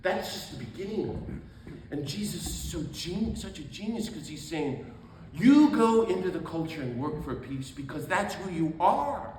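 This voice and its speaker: An exuberant man speaks as a priest to a gathered audience, his pitch leaping up and down as he talks. The recording is very echoey, with a faint hum of background noise under his voice. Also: lively intonation, a little mellow, distant mic. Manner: exuberant, quick asides, laughs at himself. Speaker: priest giving a book talk. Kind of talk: animated public talk. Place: event hall.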